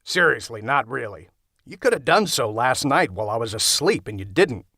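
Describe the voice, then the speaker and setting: A man's voice: mid-range voice, sing-song, normal speed, sharp tone, no room sound, exaggerated voice. Casting: man voicing dry, blunt young guy, bored and unshakable, audiobook role, dead-dry booth sound. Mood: deadpan. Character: bored deadpan young man, unflappable coworker. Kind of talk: audiobook character voice. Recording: dry close studio sound.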